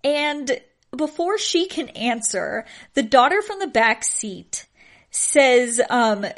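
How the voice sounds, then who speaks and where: A woman's voice: sits high, very animated, slow. A young woman hosting a podcast, telling odd stories in a casual chat and often laughing in disbelief. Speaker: podcast host.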